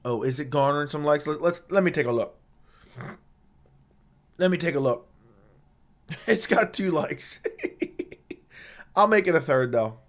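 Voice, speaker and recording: A man's voice: fairly high pitch, lively intonation, measured pace, pauses often. Guy streaming w a sore scratchy throat, swears a lot, reads chat and roasts ppl, close studio mic. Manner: blunt and profane, trash-talking with chat. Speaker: live streamer. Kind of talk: casual live-stream chat reading viewer comments. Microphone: studio dynamic microphone.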